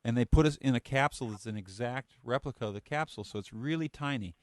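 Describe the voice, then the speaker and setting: A man guest on a talk show, telling lively anecdotes, acting out what people said and laughing often. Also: mid-range voice, fast talker, no room sound. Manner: animated storyteller, acts out quotes, laughs often. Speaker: guest musician and actor. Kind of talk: telling anecdotes in casual chat.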